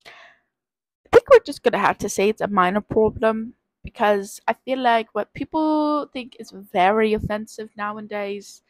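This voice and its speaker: Recorded dry and rough, a covid-sick nineteen-year-old woman works through a quiz out loud for her casual vlog. She speaks in an unhurried, mid-range voice, rambling, hesitant and self-deprecating.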